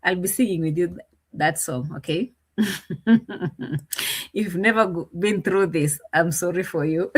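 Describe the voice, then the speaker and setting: A woman's voice: fairly low pitch, unhurried, breathy edge. Chatty woman live-stream host. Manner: chatty, laughing, greeting viewers by name. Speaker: reaction channel host. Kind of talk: casual live-stream chat.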